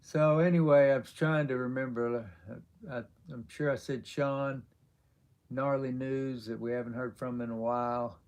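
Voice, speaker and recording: A man of middle pitch chats casually on a live stream, answering viewers as he goes. He rambles and halts often, filling gaps with ums and you-knows. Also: steady tone, normal speed, darkish tone. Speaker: livestream host.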